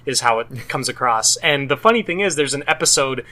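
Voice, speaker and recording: Bright-voiced male podcast co-host. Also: mid-range voice, animated, fairly quick, low-quality recording. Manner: easygoing, chatty, with frequent fillers. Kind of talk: casual chat.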